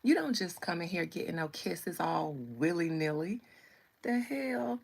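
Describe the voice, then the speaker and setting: A woman hosts a casual live stream as a tarot reader, answering her chat with sassy, teasing banter. Her voice has a gravelly edge and a husky, breathy texture. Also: lowish voice, big pitch swings, measured pace. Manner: sassy and playful, teasing viewers.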